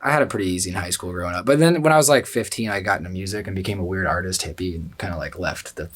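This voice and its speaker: Laid-back young man, very deep voice. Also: racing, fairly bright tone. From Indiana. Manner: laid-back, hesitant with fillers. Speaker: guest musician. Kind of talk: casual interview chat.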